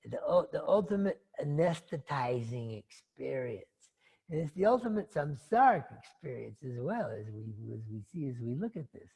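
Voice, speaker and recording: A man giving a casual dharma talk, rambling through a story with frequent asides. His voice is gravelly and husky, at an ordinary pitch. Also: a little mellow. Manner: rambling and conversational, with fillers and asides. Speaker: dharma teacher.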